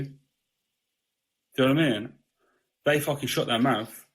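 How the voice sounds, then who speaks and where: A man's voice: medium pitch, animated, fairly quick, pauses often. Blunt, swearing man. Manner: blunt, swears freely, repeats "you know what I mean". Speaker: podcast guest. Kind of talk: casual spiritual conversation.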